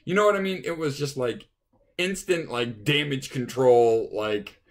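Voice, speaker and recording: Guy telling a rambling road story, mid pitch, lots of restarts, acts out the quotes. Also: a little slow. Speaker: touring musician telling an anecdote. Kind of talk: casual storytelling.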